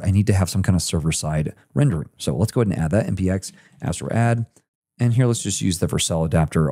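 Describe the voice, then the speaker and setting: Low, quick male tutorial host, mellow tone, walks through code step by step. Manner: casual step-by-step walkthrough. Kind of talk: screen-share coding tutorial.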